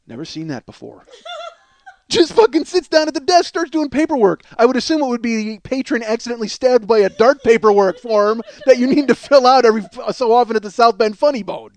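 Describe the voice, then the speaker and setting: A man in his forties, a podcast host telling a comic story in a profane, animated way, often laughing, on a close podcast mic. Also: very high-pitched, fast, few pauses, no echo. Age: 40s. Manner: profane, animated, swears freely and breaks into laughter.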